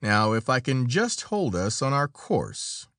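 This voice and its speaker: A man voices a grave older professor who speaks in short, grim, clipped lines. The reading moves a lot in pitch and sits dry and close to the mic. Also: sing-song, unhurried, a bit bright, dry recording.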